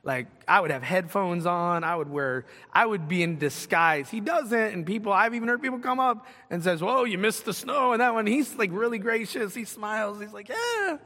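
High-voiced pastor preaching in a hall. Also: male voice, moderate pace, hardly any pauses. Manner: animated preaching with rhetorical questions. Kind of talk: sermon.

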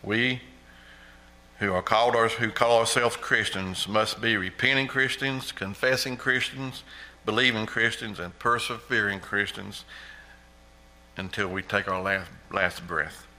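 A man's voice: fairly low pitch, fairly even intonation, measured pace, sharp tone, slight background noise, rough recording. A middle-aged man giving an earnest testimony in church, repeating praise often. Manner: earnest, repetitive, exclaims praise. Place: church sanctuary.

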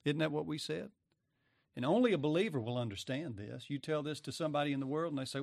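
A man preaching a sermon with dramatic delivery, acting out quoted voices and pausing often. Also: fairly high pitch, vocal fry, darkish tone, no room sound, clean studio sound.

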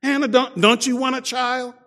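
A man's voice: very high-pitched, steady tone, moderate pace, sharp tone, big-room sound, pitched above the performer's own voice. A man voicing a jealous rival wife who taunts another woman in singsong jabs, as part of a sermon. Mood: mocking.

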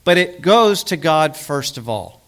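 A man preaching a sermon as pastor in a church, earnest and slowing down to stress key words. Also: a little high, sing-song, fairly bright tone.

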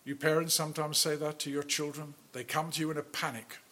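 A man preaching a sermon, earnest and deliberate, rising to loud declarations and then dropping to a near hush. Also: fairly high pitch, little pitch movement. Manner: slow, earnest preaching that swells loud then drops very soft.

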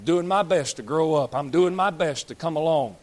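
Blunt, scolding pastor. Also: male voice, a little high, moderate pace. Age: 30s. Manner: blunt, scolding, folksy and joking. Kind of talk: fiery sermon.

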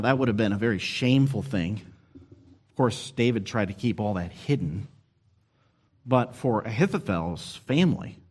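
A man preaching a sermon as pastor, earnest and expressive, pushing key words up and slowing down to stress a point. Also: medium pitch.

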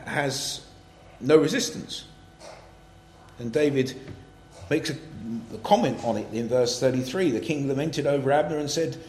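A male preacher gives an earnest sermon, reading old scripture wording and pressing his points with rising emphasis. His medium-pitched voice rings through an echoey church hall. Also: a little hiss or hum.

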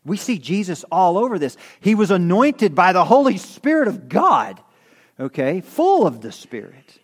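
A middle-aged man delivering an expository sermon, his voice sitting a touch high for a man. He talks to the congregation casually, often pausing to ask "okay?" and restarting his sentences as he works through the text. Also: very animated. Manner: conversational, self-correcting, asks the congregation "okay?". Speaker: pastor.

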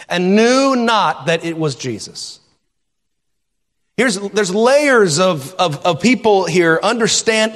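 A man preaches a sermon, reading scripture and explaining it in a conversational way. His voice sits slightly high and moves through a lively range. A long reverb carries it through the church. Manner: expressive, conversational Bible teaching. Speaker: pastor.

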